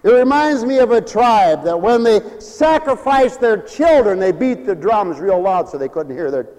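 A man with a high, lively voice preaches a sermon in a church hall, swinging his pitch widely and acting out other people's voices. His words ring with a long hall reverb, and he now and then rises to a shout for emphasis. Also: normal speed.

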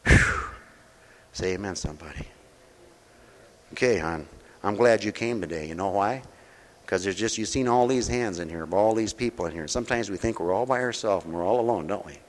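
At a mission hall, a man with a fairly low-pitched voice preaches in a folksy, direct style, putting questions to his listeners. He talks fairly quickly with long pauses, swinging between loud preaching and soft, close talk, with a long reverb tail trailing behind.

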